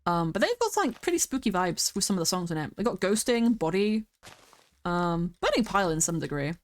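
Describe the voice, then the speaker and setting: Very animated and brisk, this young British woman with a fairly low voice rambles and giggles through a casual game stream, now and then singing along to the music.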